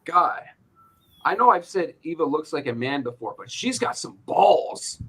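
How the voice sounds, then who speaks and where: Husky, animated male host. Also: on the high side, measured pace. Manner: animated, joking, swears freely. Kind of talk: casual ranting chat.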